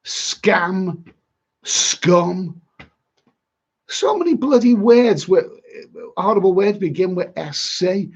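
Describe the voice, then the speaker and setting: A travel vlogger from Liverpool, England, with a Liverpool accent, grumbles and rambles bluntly through a casual live-stream chat. His voice sits high and is a little mellow and husky, and the recording sounds dull and lo-fi.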